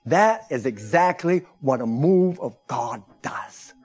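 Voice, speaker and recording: A man preaching a sermon as pastor of a church, rising to shouts. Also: medium pitch, animated, takes it slowly, husky. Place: church sanctuary.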